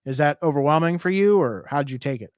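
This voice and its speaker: Teasing co-host with lively pitch. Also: male voice, smooth, no room sound, studio quality. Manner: quick interjections, teasing, laughs a lot. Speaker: podcast co-host. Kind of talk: casual podcast chat.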